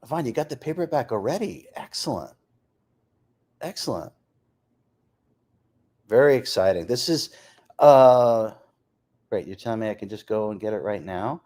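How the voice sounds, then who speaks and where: A man's voice: fairly low pitch, normal speed, long pauses. A man hosting a live stream, chatting casually and reading viewer comments aloud, laughing often. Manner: lively, reads off places and names, laughs often.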